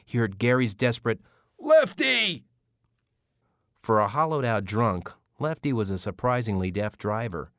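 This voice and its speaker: A man narrating an audiobook novel in a measured storytelling manner. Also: on the low side, no room sound, studio quality. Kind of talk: scripted narration.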